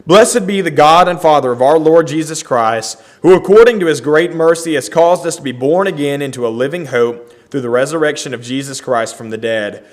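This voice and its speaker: A man's voice: fairly high pitch, a little fast, few pauses. A man leading a Bible study, reading scripture aloud and explaining it earnestly.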